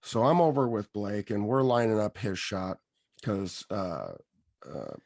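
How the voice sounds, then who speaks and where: A man hosting a podcast, telling an animated story and acting out what people said. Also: lowish voice, unhurried, creaky, no echo, clean studio sound. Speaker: podcast host. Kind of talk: casual storytelling.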